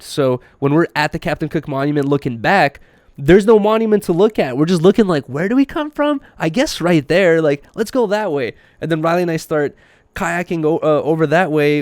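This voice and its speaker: A young man tells a story on his podcast in a casual, animated way, laughing often and acting out what people said. His voice sits a little high, and the sound is close and dry. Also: no room sound. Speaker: podcast host.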